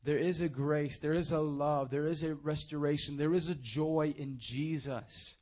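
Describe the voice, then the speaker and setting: A young man preaching a sermon, moving from hushed, earnest appeals to loud, animated storytelling. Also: fairly high pitch, moderate pace.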